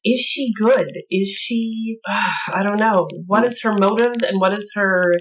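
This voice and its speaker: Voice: mid-range voice, unhurried, poor audio. A podcast co-host chatting casually and recapping plot, with a playful, teasing manner.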